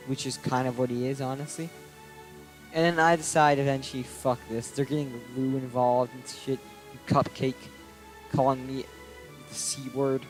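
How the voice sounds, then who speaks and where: A man's voice: medium pitch, level tone, normal speed, low-quality recording. A young man vlogging a casual storytime rant, aggrieved and swearing freely as he recounts a falling-out. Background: soft background music.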